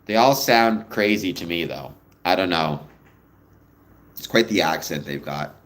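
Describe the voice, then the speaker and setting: Guy with a low voice doing a livestream, rambly chat, reads out comments and goes off on tangents. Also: lively intonation, measured pace, a bit bright. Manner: chatty, rambling, digresses into personal stories. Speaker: livestream host. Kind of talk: casual chat answering viewer comments.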